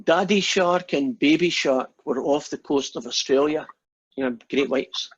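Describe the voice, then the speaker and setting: A man's voice: on the high side, unhurried, slightly rough. A man who teaches math and gives a chatty, joking lecture over a video call, with many fillers and restarts. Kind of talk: casual online lecture. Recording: dull lo-fi online call audio.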